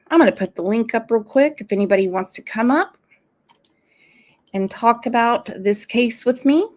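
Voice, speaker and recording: A woman's voice: fairly high pitch, expressive, measured pace, long pauses, darkish tone. A woman hosting a true crime livestream, angry and blunt, swearing freely as she comments. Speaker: true crime channel host.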